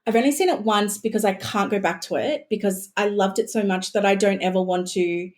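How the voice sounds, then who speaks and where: A woman's voice: medium pitch, a little fast, darkish tone. A woman, a historian and podcast guest, explaining her research eagerly and thinking aloud as she talks. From Australia. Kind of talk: podcast conversation.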